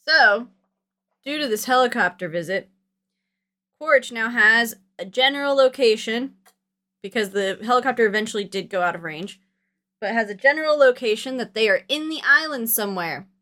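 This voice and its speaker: A woman co-hosting a podcast, walking through a film's plot in a loose, chatty way. Her voice is bright and crisp, pitched somewhat high for a woman. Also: expressive, moderate pace. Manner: chatty, storytelling, fills gaps with "like" and "um". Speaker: podcast co-host. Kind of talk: casual movie recap chat.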